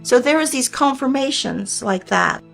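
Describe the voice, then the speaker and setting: A woman's voice: sits high, expressive, moderate pace, vocal fry, fairly bright tone, soft background music. An older woman earnestly recounting a personal experience in plainspoken, folksy speech. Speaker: storyteller recounting a near-death experience. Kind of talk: personal storytelling.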